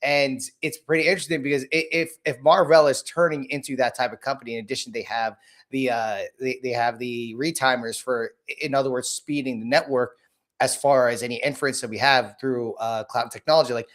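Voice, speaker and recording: A man with a hoarse, cold-worn voice talks through the day's market on a livestream. He is casual and blunt, circling back over the same points and tripping into restarts. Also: mid-range voice, steady tone, brisk. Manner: rambling, repeats himself, frequent restarts; blunt and casual, greets viewers by name.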